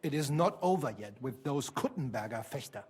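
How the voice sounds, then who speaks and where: A proud German fencing master. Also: male voice, mid-range voice, lively intonation, a little fast, darkish tone, slightly rough. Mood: indignant. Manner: pompous, indignant about his honor.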